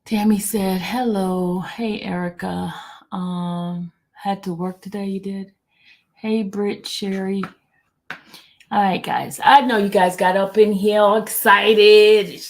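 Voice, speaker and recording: Slow-talking woman with a gravelly voice. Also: mid-range voice, little pitch movement. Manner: chatty, reads out viewer comments, repeats herself, teasing. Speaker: livestream host. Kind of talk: casual livestream chat.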